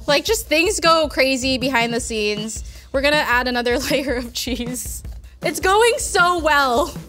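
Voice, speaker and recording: A young woman with a fairly high voice talks through a recipe in a studio kitchen. Her manner is chatty and self-deprecating, full of jokes as she cooks. Soft music plays faintly underneath. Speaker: cooking show host. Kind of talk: casual cooking demonstration.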